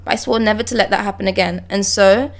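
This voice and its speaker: A young woman streaming live, reading manga dialogue aloud and breaking off to react with excited exclamations and swearing. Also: mid-range voice, quick pace, gravelly.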